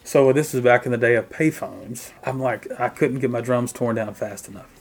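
A middle-aged man tells band stories in a relaxed interview, at a medium pitch. He talks with lively animation and slips into voices for the people he quotes. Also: moderate pace, gravelly. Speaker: guest musician, drummer. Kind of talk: casual interview storytelling.

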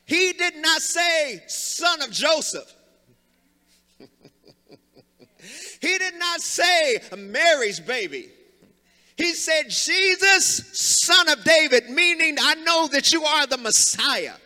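A male pastor preaches with a high, piercingly bright voice that swings widely up and down. He calls on the congregation to answer and slips into sung and shouted lines. His voice rings with the long reverb of a church sanctuary. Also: big pitch swings, slow, long pauses. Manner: preaching with rising fervor, sings and shouts phrases, calls on congregation to respond. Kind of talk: sermon.

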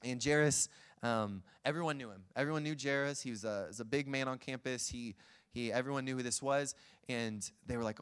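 A man preaching a sermon, retelling scenes in a lively, chuckling way. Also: medium pitch, fairly quick, clean tone. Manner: lively storytelling, acts out scenes, chuckles often.

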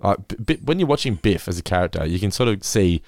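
An Australian man hosting a casual chat, an animated storyteller who acts out quotes and laughs often. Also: low voice, quick pace, no room sound, clean studio sound. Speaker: podcast host.

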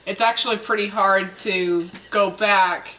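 A woman in a casual family podcast chat, speaking in a slow, thoughtful, hesitant way. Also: medium pitch, fairly even intonation, recorded from a distance, noisy background.

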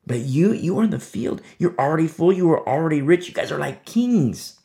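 A man preaching a sermon, firing rhetorical questions and swinging between loud, emphatic lines and hushed ones. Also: a little high, expressive, brisk, creaky.

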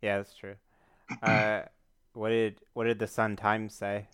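A man co-hosting a casual comedy podcast, playful and quick to play along with jokes. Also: lowish voice, completely flat delivery, fairly bright tone, clear, resonant tone, dry recording, clean studio sound. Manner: playful, giggly, goofs on bits. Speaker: podcast co-host.

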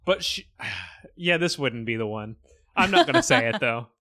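A man's voice: a little high, huge pitch swings, normal speed, sharp tone, dry recording, studio quality. A man co-hosting a movie podcast in casual chat, goofy and joking, often backpedaling. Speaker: podcast co-host.

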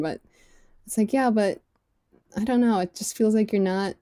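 A woman's voice: medium pitch, a little fast, no echo. Chatty young woman, dry close sound. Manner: chatty, animated storyteller with many fillers. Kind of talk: casual chat.

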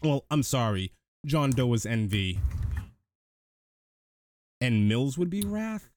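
A man's voice: medium pitch, big pitch swings, slow pace, a little mellow, slight background noise. A man hosting a casual podcast, retelling a film's plot step by step in a chatty way. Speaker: podcast host. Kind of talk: casual movie recap chat.

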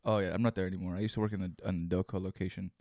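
A man's voice: sits low, fairly even intonation, racing, darkish tone, no room sound, studio quality. A young man co-hosting a podcast, telling casual stories full of swearing and acted-out quotes. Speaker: podcast co-host. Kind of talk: casual chat.

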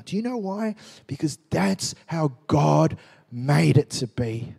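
A man in his forties preaching, lively and joking as he tells stories to his congregation. His voice sits a little high for a man. The sound carries a long reverb from a large hall. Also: slow, gravelly, breathy edge. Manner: animated, joking storyteller. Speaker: pastor. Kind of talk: sermon.

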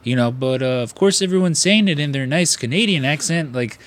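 His voice on the high side and fairly quick, a thirtysomething American man from the Chicago area hosts a podcast, chatting casually with rambling enthusiasm.

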